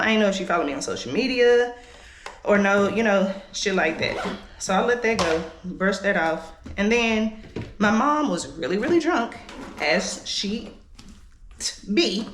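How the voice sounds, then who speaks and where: A woman's voice: medium pitch, background noise. A woman, telling a candid, profane story to her camera while she does her makeup. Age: late 20s. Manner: candid, profane, heated venting. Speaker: vlogger. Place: indoors at home. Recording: echoey room.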